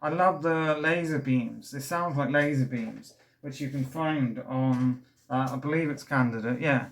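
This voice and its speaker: A man's voice: mid-range voice, a little slow. Young male record reviewer, casual and rambling, eager, slightly breathless. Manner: rambling and enthusiastic, many fillers and restarts. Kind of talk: casual album review vlog.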